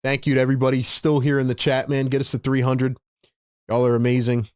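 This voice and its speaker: A man in steady, middle-pitched tones calls the game play-by-play for a live online stream. His delivery is exasperated and chatty, and it breaks off to talk to viewers. The sound is dry and close, with no room around it. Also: fast, smooth, no room sound. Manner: frustrated, exasperated, chats to viewers. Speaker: live-stream sports commentator. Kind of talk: live play-by-play with fan reaction.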